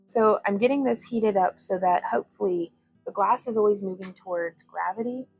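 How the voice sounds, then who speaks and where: Husky, gravelly young woman chatting. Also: mid-range voice, normal speed, a little mellow, faint music behind, low-quality recording. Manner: chatty and rambling, greets viewers and reads chat aloud. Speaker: glass bead artist and livestream host. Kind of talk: casual craft demonstration livestream.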